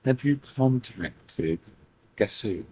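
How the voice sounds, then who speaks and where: A man channeling a playful, teasing female spirit in a slow, halting way, in a channeling session. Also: mid-range voice, expressive, warm tone. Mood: measured. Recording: dull dry lo-fi recording.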